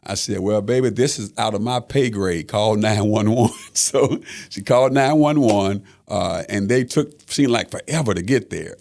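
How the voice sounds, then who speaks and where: Gravelly-voiced middle-aged man telling a story. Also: on the low side, normal speed, darkish tone. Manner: earnest, repeats phrases, many "uh" fillers. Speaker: father of the guest. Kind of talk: storytelling on a podcast.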